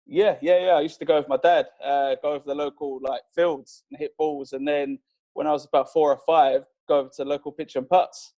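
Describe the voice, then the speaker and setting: Laid-back young Englishman, slightly high voice. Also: fairly even intonation, fairly quick, mellow. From England. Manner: laid-back, chuckles while telling stories. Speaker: professional golfer guest. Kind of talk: casual podcast chat.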